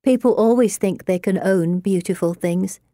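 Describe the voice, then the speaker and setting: A woman voicing a plain, beaten-down teenage girl who speaks flatly and dryly. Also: medium pitch, moderate pace, dry recording, lightly acted. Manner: flat, dry.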